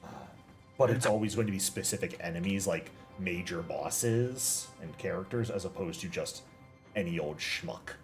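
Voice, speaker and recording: A man's voice: sits low, normal speed, faint music behind. A man running a tabletop game as game master, explaining rules and laughing often.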